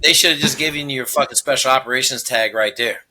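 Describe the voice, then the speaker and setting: A man's voice: medium pitch, fast, a crowd in the background. A middle-aged man telling stories in casual chat, emphatic and heavy on swearing. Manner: profane, emphatic storyteller.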